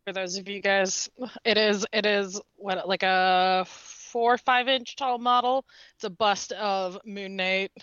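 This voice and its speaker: A woman hosting a podcast over a video call, relaxed and dryly amused. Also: mid-range voice, slow, clean tone, no room sound. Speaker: podcast host. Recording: dry, dull lo-fi call audio.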